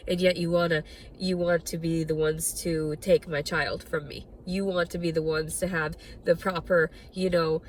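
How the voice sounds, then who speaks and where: A woman's voice: on the low side, far from the mic, slight background noise. A woman venting in an angry, profane, bitter personal rant for her video diary. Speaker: vlogger.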